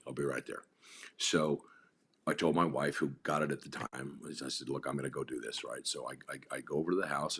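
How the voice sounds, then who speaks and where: A middle-aged man with a husky voice, a podcast guest telling stories candidly, rambling and repeating words, swearing freely. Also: a bit bright. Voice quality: very deep, husky voice. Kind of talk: candid conversational storytelling.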